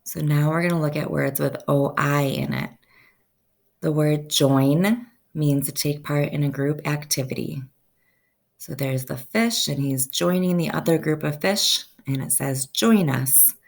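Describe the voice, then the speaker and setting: A woman teaching a first-grade phonics lesson, slowly stretching out each sound so children can say the words with her. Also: sits low, animated, creaky.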